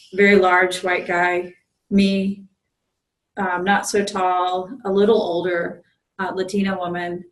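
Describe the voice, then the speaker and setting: A woman's voice: mid-range voice, low-quality recording. A woman who is a Zen priest, giving a conversational dharma talk as she tells a personal story, with many ums and restarts. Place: meditation group room.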